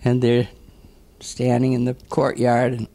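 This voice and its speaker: A man telling a string of jokes in a casual way, laughing at his own punchlines and clearing his throat between them. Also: medium pitch, completely flat delivery, unhurried, heavy background noise. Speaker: joke teller.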